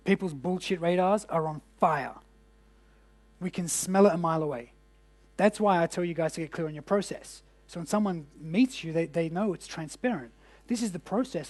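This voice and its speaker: A man coaching a live audience of business owners in a casual, jokey way, asking the room questions. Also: sits high. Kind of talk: workshop presentation to a live audience. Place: indoor event room.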